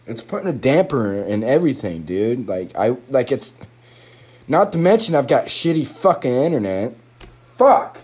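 A man's voice: medium pitch, sing-song, moderate pace, darkish tone, husky. Young dude swearing a ton into his phone mic, rambly, voice jumping all over. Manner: swears constantly, rambling, frustrated. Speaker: podcaster. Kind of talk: frustrated solo podcast rant. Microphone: phone microphone.

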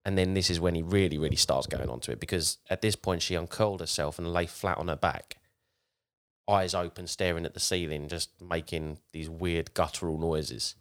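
Deep-voiced man telling a story. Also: steady tone, normal speed. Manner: retells a story with acted quotes, laughs often. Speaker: podcast host. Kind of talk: casual storytelling chat.

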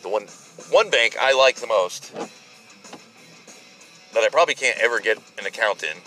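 A man's voice: mid-range voice, expressive, moderate pace, sharp tone, soft background music, low-quality recording. A man hosting his own podcast in rambling, profane, joking talk, recorded partly in his car at a drive-thru. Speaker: podcast host. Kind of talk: rambling solo podcast chat.

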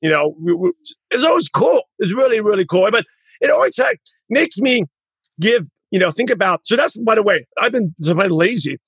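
Podcast host, male, husky and quick, rambling chat. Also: sits high, big pitch swings, a bit bright, no room sound. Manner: rambling, self-correcting, proud father. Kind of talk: casual interview chat.

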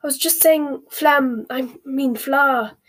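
A woman's voice: high voice, slow, voice pushed up. A woman voicing an awkward, reluctant teenage boy wizard. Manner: hesitant, awkward.

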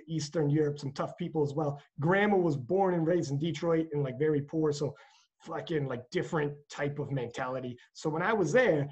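Profane, animated New Jersey podcast host. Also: male voice, on the high side. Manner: animated, profane, acts out quotes. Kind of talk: casual chat.

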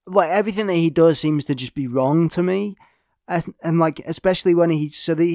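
A man's voice: fairly high pitch, darkish tone, dry recording, clean studio sound. A man giving a casual spoken film review, rambling and hesitant with many fillers and restarts.

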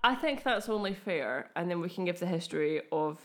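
A woman with a Scottish accent co-hosting a casual podcast chat, reacting quickly with jokey asides. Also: on the low side, lively intonation, a bit bright. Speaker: podcast co-host.

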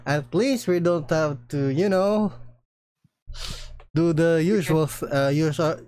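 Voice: mid-range voice, slow pace, darkish tone, no echo. A podcast co-host in casual chat, giving short reactions and teasing remarks.

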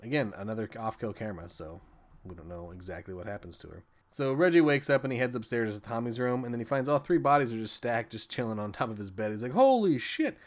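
A man's voice: on the low side, quick pace. A man hosting a film podcast, retelling scenes in a rambling, profane, casual way with frequent laughs. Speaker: podcast host reviewing films. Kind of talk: casual movie recap.

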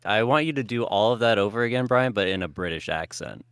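Guy on a podcast, lowish smooth voice, jokey, acts out his stories. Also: quick pace, no echo, studio quality. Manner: joking, animated storytelling. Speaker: podcast co-host. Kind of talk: casual podcast chat.

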